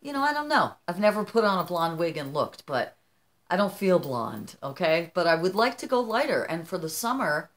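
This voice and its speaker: Chatty grandmother in her fifties, low voice. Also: normal speed. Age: 50s. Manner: chatty, animated, addresses viewers as "you guys". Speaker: vlogger. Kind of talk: casual chat to camera. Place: her home.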